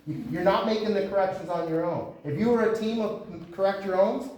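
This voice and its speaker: In a gym, a man from Canada coaches boxers, bluntly lecturing them about speaking up in a high, slightly mellow voice at a brisk pace. The sound is echoey and distant.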